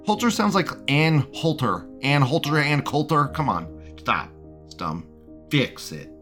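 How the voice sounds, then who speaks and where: Man, livestream host, casual rambling commentary, frequent laughter, somewhat high pitch. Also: animated, measured pace, fairly bright tone, soft background music. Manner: laughs often, rambling and repetitive; reads out chat messages in a mocking tone. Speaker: live show host.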